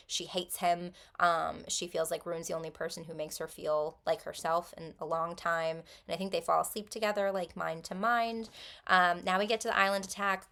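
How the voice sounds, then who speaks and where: A woman summarizing a novel's plot for her viewers in a loose, conversational way. Her voice sits a little low, and she fills her sentences with ums and likes as she goes. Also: gravelly, a bit bright. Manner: chatty, many ums and likes. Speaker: book vlogger. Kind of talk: casual book recap.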